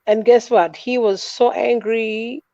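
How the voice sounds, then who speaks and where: Animated woman on a dull stream. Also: fairly high pitch, slow, no echo. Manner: animated, emphatic storytelling. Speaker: guest. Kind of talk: casual chat telling a personal story.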